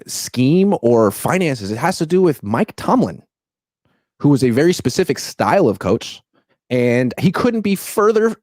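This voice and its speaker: A man hosting a casual sports talk show, animated and mocking. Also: no room sound, studio quality. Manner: animated, mocks others in exaggerated high voices. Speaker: podcast host.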